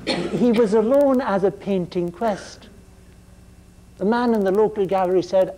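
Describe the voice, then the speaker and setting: An older man giving a university lecture, halting and repeating words as he goes, with a wry sense of humor. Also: high voice, warm tone, slight background noise.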